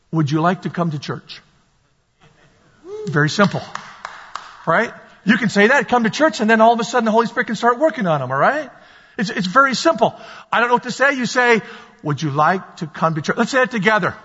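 A man preaching a sermon as pastor, animated and storytelling, sometimes shouting at the peaks. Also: high-pitched, slightly rough. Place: church sanctuary. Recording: dull sound in a large reverberant hall.

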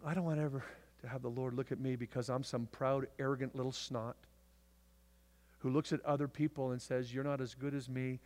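A man preaching a sermon to his church, swinging from loud, emphatic declarations to hushed asides. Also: medium pitch, fairly even intonation, a little fast. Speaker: pastor. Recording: long hall reverb.

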